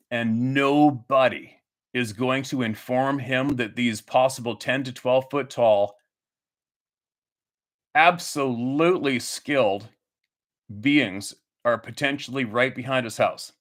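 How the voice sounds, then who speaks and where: Medium in pitch and a little bright, this man's voice carries an angry monologue on his own channel. He swears, repeats himself, restarts often and throws out rhetorical questions as he rants heatedly.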